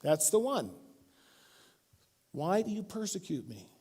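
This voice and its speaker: Animated storytelling male pastor. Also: high-pitched, measured pace, husky. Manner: storytelling, animated, acts out quotes. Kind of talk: sermon. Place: church.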